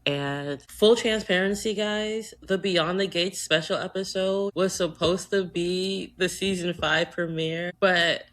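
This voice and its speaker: Bright-voiced Trinidadian American woman. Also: fairly low pitch, takes it slowly, hardly any pauses. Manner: animated, joking, swears freely. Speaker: podcast co-host. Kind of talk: casual chat.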